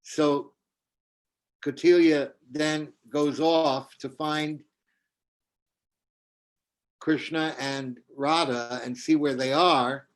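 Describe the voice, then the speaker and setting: A man's voice: fairly high pitch, drawn-out words, long pauses. A man, a spiritual teacher, telling a devotional story over a video call and acting out its characters. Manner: animated storytelling, acts out voices.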